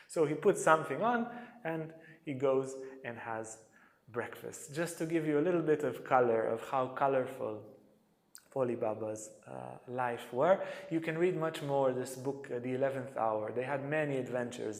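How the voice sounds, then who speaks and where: A man teaching a yoga lecture as an animated storyteller, acting out voices in his stories. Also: medium pitch, normal speed. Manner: animated storyteller, acts out quotes. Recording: echoey hall.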